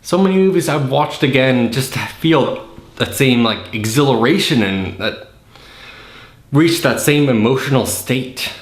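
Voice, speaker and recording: A sarcastic man riffs casually on a bad horror movie as a podcast host. His voice sits at a middle pitch. The room around him gives a roomy echo. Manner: sarcastic, acts out scenes in silly voices. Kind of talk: casual comedic movie critique.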